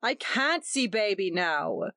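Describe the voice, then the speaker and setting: A woman's voice: mid-range voice, animated, slow, bright, forceful tone, no echo, studio quality. Woman reader plays an irritable young husband: clipped, cross, storybook tone. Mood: irritated.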